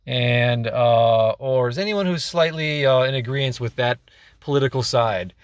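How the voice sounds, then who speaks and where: A man's voice: medium pitch, expressive, moderate pace, no room sound, clean studio sound. A young man ranting casually to camera as a vlogger, exasperated and rambling, repeating himself and swearing.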